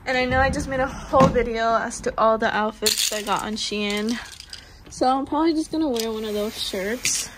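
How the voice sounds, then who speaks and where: A woman's voice: fairly high pitch, normal speed, heavy background noise. A young woman talking casually and candidly to her camera at home as she gets ready, rambling and swearing now and then. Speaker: vlogger. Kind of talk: casual get-ready-with-me vlog chat. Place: at home, getting ready at a vanity.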